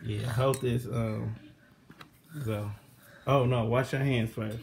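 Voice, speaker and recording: A man's voice: medium pitch, steady tone, slow pace, vocal fry. Man, casual home-kitchen vlogger, mid voice, encouraging coach tone, light background noise. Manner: coaxing, patient, calls out directions. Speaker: vlogger teaching kids to cook. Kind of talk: casual vlog instruction.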